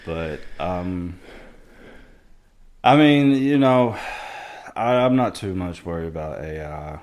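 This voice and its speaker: A man guesting on a podcast, talking in relaxed casual chat with hedging fillers. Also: low-pitched, takes it slowly.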